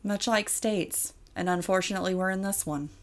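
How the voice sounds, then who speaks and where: A woman co-hosting a casual podcast, playful and quick with agreeing interjections. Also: mid-range voice. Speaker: podcast co-host. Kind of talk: casual chat.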